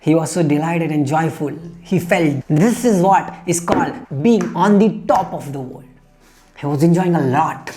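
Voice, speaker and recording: A man's voice: on the high side, normal speed, warm tone, soft background music. A man giving an earnest, emphatic motivational talk, telling a fable to make his point. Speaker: motivational speaker.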